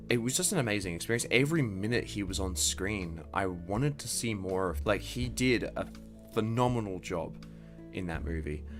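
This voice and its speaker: A man's voice: lowish voice, fairly bright tone. A young man at his home computer giving a casual movie review, rambling and profane, with many restarts.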